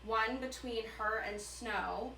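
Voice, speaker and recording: A woman giving casual, profane commentary on books, retelling scenes with quick character quips. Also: a little high, creaky, bright, forceful tone, reverberant, distant mic, slight background noise, poor audio. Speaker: book commentator.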